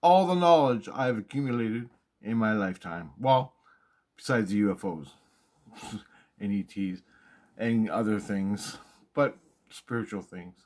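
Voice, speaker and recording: Excitable, swearing man telling a story. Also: lowish voice, measured pace, pauses often. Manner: excitable, profane, repeats himself for emphasis. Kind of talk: casual spoken storytelling monologue.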